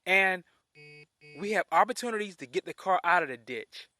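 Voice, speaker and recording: A man's voice: high voice, expressive, moderate pace, pushed and bright. A man ranting his opinions in a vlog, indignant and repeating himself as he restarts phrases. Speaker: vlogger. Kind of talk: opinion rant to camera.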